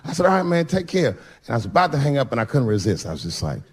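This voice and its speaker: A man's voice: on the high side, big pitch swings, very fast, few pauses, breathy edge. A man doing a stand-up routine on stage, telling stories with punchy, profane delivery and acting out the dialogue. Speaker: stand-up comedian. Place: stage before a live audience.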